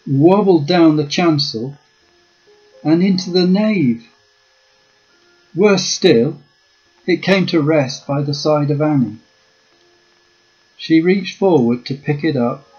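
A man telling a memoir story in a slow, measured reading voice. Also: fairly high pitch, darkish tone. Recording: dull lo-fi with faint guitar.

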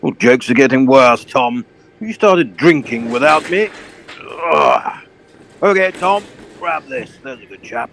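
A man's voice: mid-range voice, measured pace, slight background noise. A man playing a pompous, blustering old colonel who hunts for bargains. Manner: blustering, posh, excitable.

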